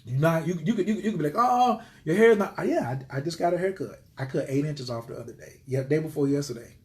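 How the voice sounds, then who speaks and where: A man talking casually on a livestream to his viewers, animated and preachy, swearing freely and swinging between loud outbursts and quiet murmurs. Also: fairly high pitch, fast. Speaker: livestream host. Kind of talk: casual live-stream talk to viewers.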